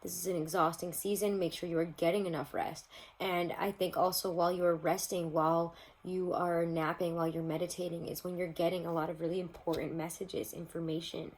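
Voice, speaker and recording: A woman's voice: fairly low pitch, little pitch movement, a little fast, a little hiss or hum, low-quality recording. A woman giving a casual tarot reading to her viewers, chatty and rambling, laughing often. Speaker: tarot reader.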